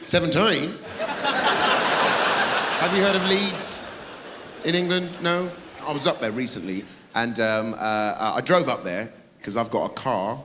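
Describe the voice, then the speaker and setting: A man doing live stand-up comedy, teasing the audience and bursting into shouts. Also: medium pitch, unhurried, pauses often, background noise. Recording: live theatre recording, long reverb, loud crowd.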